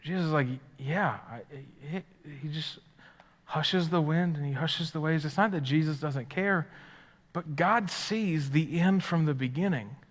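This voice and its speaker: A man preaching a live sermon as pastor. His delivery swings from loud, excited stretches down to hushed, quiet ones. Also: fairly high pitch, measured pace. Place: church sanctuary. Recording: live church hall with long reverb.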